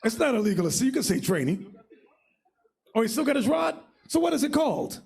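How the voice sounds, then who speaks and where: A man leading a religious class as bishop, preaching in a loud, mocking, shouting manner. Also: extremely high pitch, big pitch swings, fairly quick, vocal fry, slightly rough. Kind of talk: fiery religious teaching.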